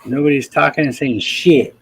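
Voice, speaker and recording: A man hosting a reptile breeder's live stream, chatting with callers in loud, teasing, swearing banter. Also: mid-range voice, moderate pace, vocal fry, slight background noise, poor audio. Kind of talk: casual chat with callers.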